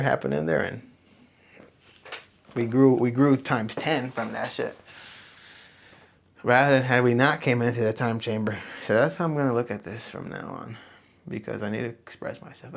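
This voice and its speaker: Gravelly young man rambling to camera. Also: mid-range voice, a little hiss or hum. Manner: rambling, profane, self-reflective. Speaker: podcast host. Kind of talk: casual solo talk to camera. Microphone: camera on a small tripod.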